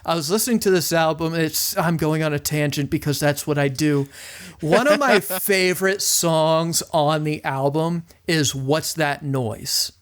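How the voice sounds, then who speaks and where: A man with a slightly higher voice co-hosts a casual podcast. He rambles along, bouncing into quoted lines and sometimes shouting them for effect. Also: measured pace. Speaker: podcast co-host. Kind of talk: casual chat about music.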